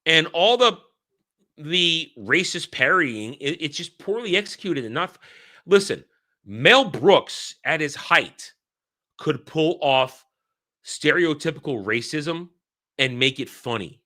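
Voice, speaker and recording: Bright-voiced man ranting in a review. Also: on the high side, lively intonation, slow. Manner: blunt, exasperated, repeats himself for emphasis; swears freely. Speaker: film reviewer.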